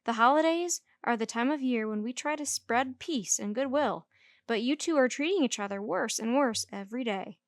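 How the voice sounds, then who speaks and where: A woman voicing a patient male schoolteacher who speaks in a measured way and gently corrects grammar. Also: a little high, lively intonation, no room sound. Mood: stern. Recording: dry close recording.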